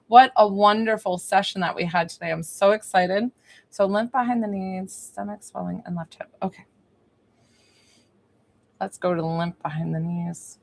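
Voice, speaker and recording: A woman giving a psychic reading and healing on a live stream, talking in a soft, emotional, rambling and reassuring way. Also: mid-range voice, normal speed, gravelly. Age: young adult or middle-aged, a mother. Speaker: psychic medium and energy healer, live stream host.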